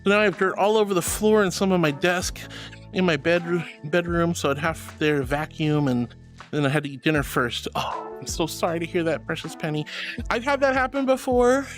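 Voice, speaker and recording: A woman's voice: fairly low pitch, moderate pace, faint music behind. A woman streamer reading out chat messages, affectionate and giggly, calling viewers darling and honey. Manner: laughs often. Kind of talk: casual live-stream chat.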